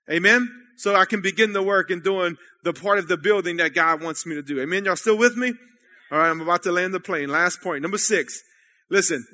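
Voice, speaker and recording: A man preaching in a church service, his voice sitting high and ringing bright. He talks to the congregation like friends, asking "amen?" and checking they're still following. The delivery is loose and conversational rather than formal. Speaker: pastor. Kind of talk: sermon.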